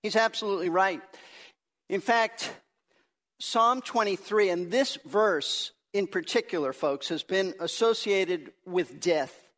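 A man's voice: sits high, slow pace, fairly bright tone. A man, a pastor, preaching an earnest and emphatic sermon to his congregation.

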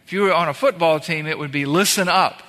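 Bright-voiced preacher in a reverberant hall. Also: male voice, a little high, fast talker. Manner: conversational preaching, walking through scripture verse by verse; punchy emphatic repetitions. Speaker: pastor. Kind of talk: sermon. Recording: long reverb of a large hall.

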